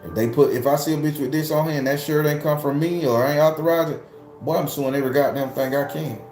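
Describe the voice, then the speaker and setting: Animated cussing man in an echoey room. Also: fast. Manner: animated, swearing, laughing, jumping high when worked up. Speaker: tarot reader and channel host. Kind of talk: casual chat to viewers. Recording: echoey room with faint background music.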